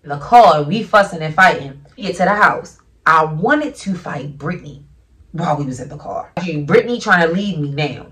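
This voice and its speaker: A woman's voice: deep voice, lively intonation, moderate pace, a bit bright, far from the mic. A young woman vlogger telling a casual storytime in a brash, profane, emphatic way.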